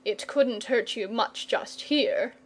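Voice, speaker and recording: A woman's voice: fairly high pitch, slow pace, husky. A woman voicing a frank, pleasant, patient male knight in a storybook reading. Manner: frank and persuasive.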